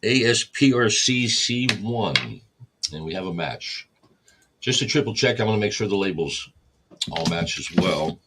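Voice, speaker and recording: A man's voice: on the low side, expressive, unhurried, noisy background. A man hosting a record store livestream, casually explaining each step while he catalogs vinyl. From United States.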